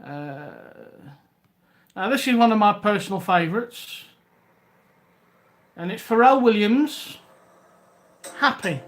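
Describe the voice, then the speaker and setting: High-voiced Scouse man chatting on a live stream. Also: lively intonation, slow, pauses often. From Liverpool, England. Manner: chatty, rambling, greets viewers by name. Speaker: reseller livestream host. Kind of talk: casual live-stream chat.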